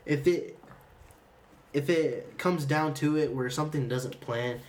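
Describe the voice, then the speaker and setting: A young man in casual chat, telling stories with animated energy and quoting people as he goes. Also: mid-range voice, unhurried, slight background noise. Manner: animated storytelling, slips into quoted voices.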